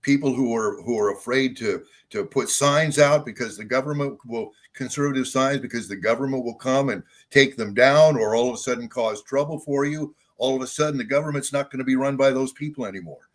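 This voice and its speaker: A man's voice: medium pitch, brisk, hardly any pauses. An older man, a local party chair, speaking as a guest on a political talk show in an insistent, repetitive way. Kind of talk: political interview.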